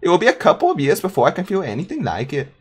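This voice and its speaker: A woman voicing a polite, gentle male zombie with a put-on German accent, in a higher sing-song voice. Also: wildly swooping pitch, racing, breathy edge, heavily acted. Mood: musing. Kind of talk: voicing game dialogue.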